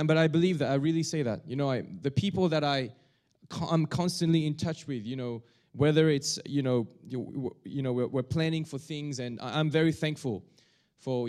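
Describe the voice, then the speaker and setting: A male pastor preaching a sermon, talking in a halting way with many restarts and fillers. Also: medium pitch, a little mellow.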